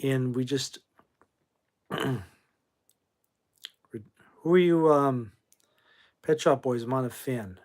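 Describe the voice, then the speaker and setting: A man's voice: mid-range voice, takes it slowly, pauses often, a little mellow. Sleepy, blunt male rock stream host. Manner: drowsy, rambling, blunt and profane. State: sleepy, yawning. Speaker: livestream host. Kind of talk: casual livestream chat about classic rock.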